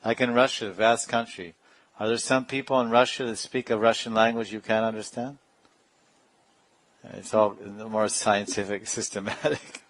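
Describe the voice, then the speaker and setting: A man's voice: on the low side, fairly even intonation, normal speed, a bit bright, dry recording, rough recording. A man giving a sermon as a spiritual teacher, telling stories and now and then imitating other people's speech playfully. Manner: storytelling with playful imitations and laughs.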